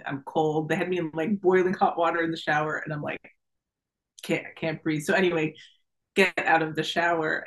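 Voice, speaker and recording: A middle-aged woman, a guest in an interview, telling a personal story in a lively, casual way, laughing often and acting out the voices of the people in her story. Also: low-pitched, rough recording. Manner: animated, laughs often, acts out quoted voices.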